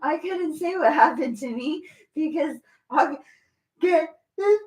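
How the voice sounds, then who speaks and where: Very high-voiced woman vlogging. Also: echoey room. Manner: talks straight to an absent person, halting and repetitive. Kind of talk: emotional direct-to-camera monologue.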